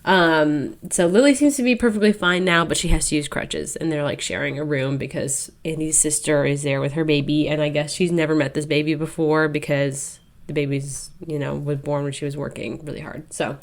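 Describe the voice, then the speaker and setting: A woman's voice: low-pitched, steady tone. Chatty young woman recapping a book. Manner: chatty, acts out characters' lines in quick asides. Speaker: podcast co-host. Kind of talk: casual chat recapping a book.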